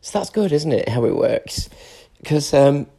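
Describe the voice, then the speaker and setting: A man's voice: a little high, lively intonation, a little slow, vocal fry, warm tone. A British man in his forties, tearful and emotional, ranting in an unscripted solo podcast monologue and swearing often. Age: 40s. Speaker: podcast host.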